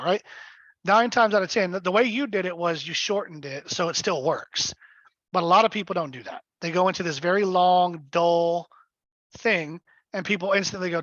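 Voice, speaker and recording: High-pitched man running a webinar for sales agents, blunt and emphatic; dull, dry lo-fi call audio. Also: normal speed, long pauses, fairly bright tone, no echo. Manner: blunt and emphatic, often checks in with "right?". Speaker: real estate sales trainer. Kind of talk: live webinar coaching.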